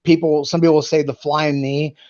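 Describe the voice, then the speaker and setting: Rambling former fighter, lo-fi. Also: male voice, on the high side, flat delivery, normal speed, darkish tone. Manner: rambling, many restarts and fillers. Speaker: guest, former pro fighter. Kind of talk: casual conversation. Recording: dull lo-fi sound.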